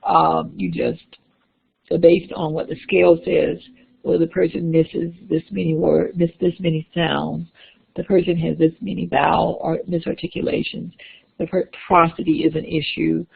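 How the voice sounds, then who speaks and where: A woman instructor talks through a classroom lecture, her voice gravelly and husky. She explains step by step and often restarts her sentences. The recording sounds thin and phone-like. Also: deep voice, flat delivery, normal speed. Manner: explanatory, with frequent restarts and fillers.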